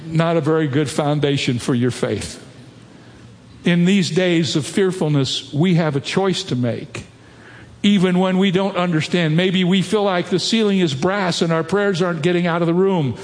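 A man preaches a sermon with earnest, emphatic delivery, his voice climbing higher on the points he stresses. His voice sits a little high for a man. A long reverb from a large hall trails after his words. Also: moderate pace. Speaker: pastor.

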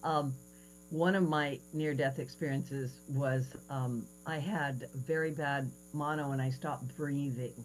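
A woman in her sixties hosts a radio interview, her voice low. She tells stories with animated quoted voices. A faint hiss sits under the recording. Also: slow pace, rough recording. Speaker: radio show host. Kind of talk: casual interview chat.

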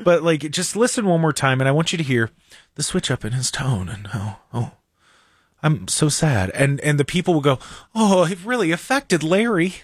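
A man's voice: on the high side, expressive, normal speed, husky, dry recording, clean studio sound. A man hosting a political talk show, mocking and sarcastic in his commentary.

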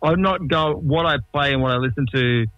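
A man's voice: a little high, brisk, dry recording, dull audio. An Australian man in his late forties, a musician talking casually in an interview, rambling and often restarting his sentences. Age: 40s. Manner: rambling, self-interrupting, laid-back. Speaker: musician guest.

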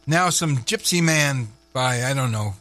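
A man's voice: mid-range voice, expressive, unhurried. A man hosting a morning radio show, chatting casually with rambling, offhand asides into a studio mic. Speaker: radio host.

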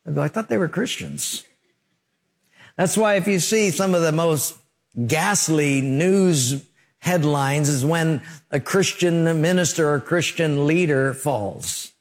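A middle-aged male pastor preaching a sermon, telling lively stories with sound effects and acted-out quotes. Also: fairly high pitch, takes it slowly, long reverb tail.

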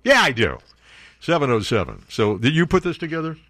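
A male talk radio host speaks into a studio mic with biting sarcasm and a mocking edge. His pitch swings widely as he riffs and needles. The sound is dry and close, with no room around it. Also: wildly swooping pitch, fairly quick, fairly bright tone, dry recording. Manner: sarcastic, mocking, jumps to put-on voices. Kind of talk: opinionated talk radio monologue.

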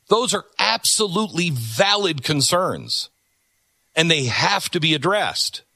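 A middle-aged man delivers pointed opinion commentary as a talk show host. His voice is bright and lively in pitch, recorded dry and close. He leans on repetition to drive each point home. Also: no room sound. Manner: emphatic, repeats words for stress.

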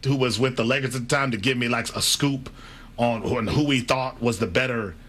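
A man co-hosting a sports talk radio show, talking in an animated way. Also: mid-range voice, fairly quick. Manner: animated, laughs easily.

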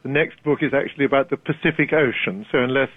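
A man's voice: medium pitch, breathy edge, no room sound. British older man over a phone line. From Britain. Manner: articulate, measured storyteller. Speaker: guest author. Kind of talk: radio interview. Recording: dry tinny phone line.

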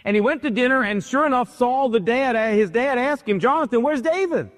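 High-voiced preaching man in reverb. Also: fairly quick, a bit bright. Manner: emphatic, repetitive preaching cadence. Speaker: pastor. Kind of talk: sermon.

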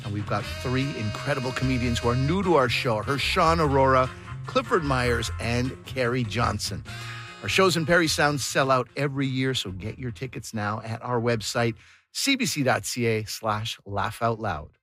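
A man's voice: mid-range voice, lively intonation, normal speed, fairly bright tone, faint music behind. A man hosting a comedy radio show, reading announcements in an upbeat scripted way. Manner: upbeat promo delivery.

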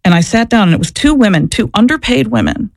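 A woman's voice: on the high side, animated, fast talker, creaky, a little mellow, dry recording, clean studio sound. A woman and former social worker answering interview questions, telling her story in an earnest, reflective way. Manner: earnest, reflective, searching for words.

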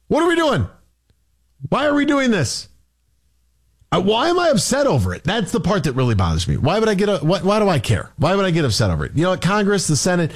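A man hosting a sports radio show, ranting in an exasperated way with many rhetorical questions and repeated phrases. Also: sits high. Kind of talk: heated opinion rant.

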